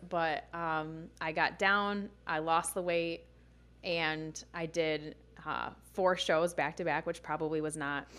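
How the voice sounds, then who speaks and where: A young woman talks in a slightly low voice, chatty and animated. She fills her stories with "like" and acts out what other people said. It sounds like a relaxed conversation between guests. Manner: chatty, animated, heavy on "like" and quoted dialogue. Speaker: guest, bikini fitness competitor. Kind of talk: casual storytelling chat.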